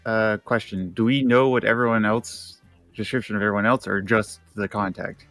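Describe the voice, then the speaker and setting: A man's voice: lowish voice, steady tone, normal speed, fairly bright tone, faint music behind. A man playing a tabletop role-playing game, speaking casually and a little hesitantly. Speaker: player.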